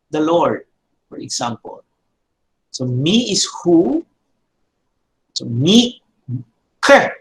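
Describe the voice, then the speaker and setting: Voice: mid-range voice, low-quality recording. A teacher with a Filipino accent giving a classroom lecture, repeating words and checking in with "okay?" and "no?", slipping into Tagalog now and then. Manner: mixes English with Tagalog. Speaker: Hebrew teacher.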